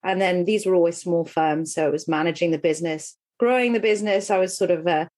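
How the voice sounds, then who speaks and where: Middle-aged female guest, candid storyteller, expressive. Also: on the low side, fast. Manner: candid, animated, laughs while telling stories. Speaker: guest, mindset and well-being coach. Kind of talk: conversational storytelling.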